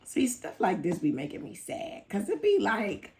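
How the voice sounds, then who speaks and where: A woman co-hosting a podcast, telling stories in a lively, laughing way. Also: mid-range voice, moderate pace, a little hiss or hum. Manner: animated, laughing storyteller. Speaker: podcast co-host. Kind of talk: casual chat, storytelling.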